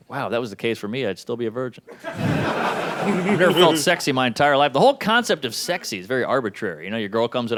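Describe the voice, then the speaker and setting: A man performing a stand-up comedy set, delivering wry, deadpan punchlines to a live audience. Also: mid-range voice, fast.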